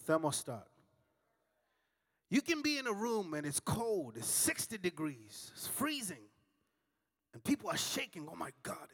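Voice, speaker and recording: Man, preacher, high voice, sermon, dramatic storytelling, shouts and hushes, call-and-response. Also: long reverb tail. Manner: dramatic storytelling with big swings between shouting and hushed tones; acts out dialogue with audience call-and-response.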